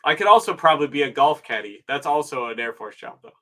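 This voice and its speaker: Man, bright voice, wisecracking, casual joking asides. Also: fairly high pitch, very animated, fast talker. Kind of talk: casual chat.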